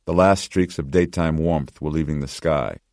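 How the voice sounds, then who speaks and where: A man narrating an audiobook in measured, steady scripted narration. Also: a bass voice, no echo, studio quality.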